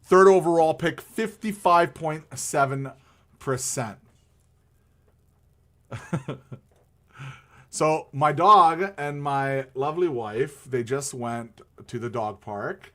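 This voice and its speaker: A man's voice: on the high side, slow pace, long pauses, a bit bright. Rambling man chatting hockey on stream. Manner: rambling, with many fillers and restarts. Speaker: live-stream host. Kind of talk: casual live-stream hockey chat.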